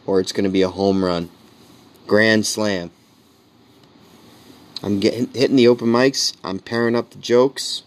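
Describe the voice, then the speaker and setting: A comedian talks alone into his podcast mic in a low voice, wandering from jokes to earnest thoughts. The talk stays casual and rambling. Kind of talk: casual solo monologue.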